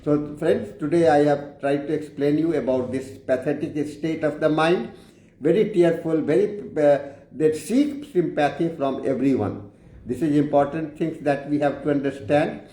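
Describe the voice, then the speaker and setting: A man giving a homeopathy lecture, talking haltingly with many fillers and restarts. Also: a little high, dark tone. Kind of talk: explanatory lecture. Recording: echoey room.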